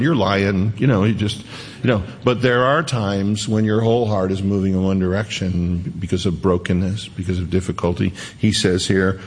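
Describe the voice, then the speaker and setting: A male pastor preaching a conversational sermon, slowing down to dwell on scripture verses. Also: fairly low pitch, steady tone, slightly rough.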